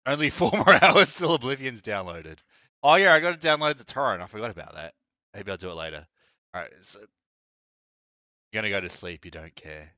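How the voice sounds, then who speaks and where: Man, streamer, crude jokes, mocking commentary, lively pitch, bright voice. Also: a little fast, dry recording. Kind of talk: casual reaction commentary.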